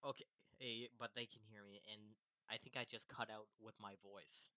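A man's voice: fairly low pitch, fairly even intonation, moderate pace, pushed and bright, no room sound. A young man co-hosting a casual podcast over a call, goofy and jokey, often laughing at himself. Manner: goofy, jokey, self-deprecating. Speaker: podcast co-host. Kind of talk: casual chat.

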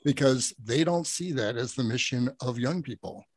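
Middle-aged male podcast guest, lively storyteller who laughs a lot and plays out dialogue, mid-pitched voice, dry close sound. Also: moderate pace, no echo. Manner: animated storyteller who laughs often and acts out quoted speech. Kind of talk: casual conversational storytelling.

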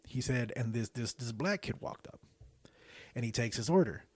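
A man talking as a podcast guest in casual chat, animated, swearing often and retelling jokes with laughs. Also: medium pitch, moderate pace, husky, no echo.

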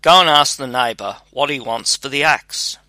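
A man voicing a clever, self-assured young scholar who calmly reassures his father in a storybook reading. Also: medium pitch, moderate pace, no room sound. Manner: calm, reassuring.

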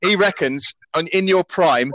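Man hosting podcast, hesitant, filler-heavy, bright and lively, dry close sound. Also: sits high, measured pace, no echo, lo-fi sound. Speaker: podcast host. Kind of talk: casual interview chat.

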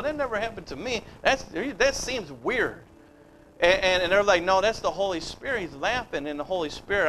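Man, sermon preacher, high-pitched voice, chatty storytelling, faint room ambience. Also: fairly bright tone, slight background noise, low-quality recording. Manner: conversational, storytelling, acts out dialogue.

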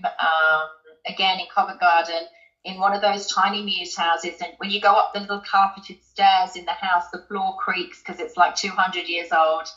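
A woman from the UK tells her story as an interview guest, chatty and loose, with plenty of ums and false starts. Her voice is bright and clear-toned. The recording sounds roomy and a little dull. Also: mid-range voice. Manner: chatty, many ums and restarts, laughs often. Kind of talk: personal storytelling in conversation.

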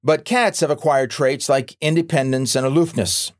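A man reads a nonfiction book aloud at a mid-range pitch for a male voice. His narration is wry and gently humorous, and his delivery is measured and unhurried. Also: fairly even intonation. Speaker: audiobook narrator.

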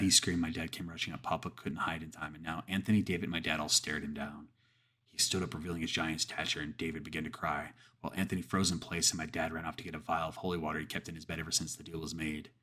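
Male horror storyteller, deep husky voice, earnest and deliberate. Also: sharp tone. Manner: earnest, measured, with pauses and restarts. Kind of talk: horror story narration and reflective commentary.

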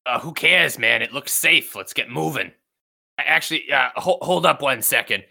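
A man's voice: mid-range voice, animated, moderate pace, vocal fry, bright, forceful tone. A man playing a tabletop role-playing game, joking around and describing his character's actions. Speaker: player.

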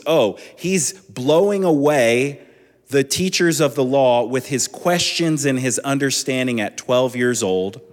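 A man in his thirties preaching a sermon as a pastor, relaxed and conversational with chatty asides. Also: medium pitch. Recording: long echoing hall reverb.

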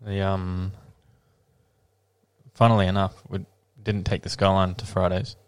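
A man's voice: sits low, little pitch movement, unhurried, smooth. An Australian man co-hosting a casual live stream, dry and brief, reading out viewer comments and greetings. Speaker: co-host.

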